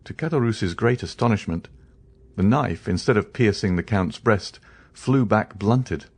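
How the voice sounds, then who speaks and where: A man narrating a classic novel as an audiobook in a measured, expressive reading. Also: on the low side, husky.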